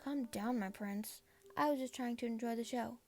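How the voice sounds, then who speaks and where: A woman voices a smug, teasing mermaid, her voice a little high and slightly mellow, close to how she'd normally sound. She speaks at a normal speed over soft background music.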